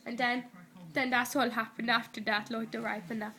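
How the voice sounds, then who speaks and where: A woman with an Irish accent rambles through a story recap, chaining every event with "and then" and breaking into giggles. Her voice sits high and sounds bright and sharp. She talks casually to someone filming her. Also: little pitch movement, normal speed. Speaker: person retelling a TV episode to camera. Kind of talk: casual retelling. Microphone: handheld camera recording.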